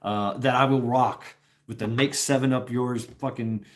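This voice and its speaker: A man's voice: mid-range voice, fairly even intonation, normal speed. A man talking in a casual, rambling livestream chat, restarting sentences often and chuckling as he goes. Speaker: host.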